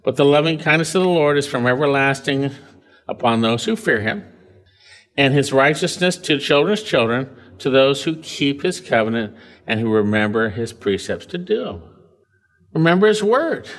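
A man's voice: animated, normal speed. A man preaching an expository sermon, emphatic and conversational, with frequent asides to the congregation. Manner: emphatic, pitch rising and dropping widely between phrases.

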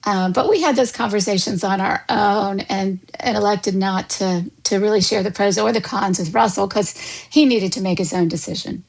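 A woman's voice: mid-range voice, moderate pace, vocal fry, poor audio. A woman, a guest author, chatting casually in conversation with fillers and restarts.

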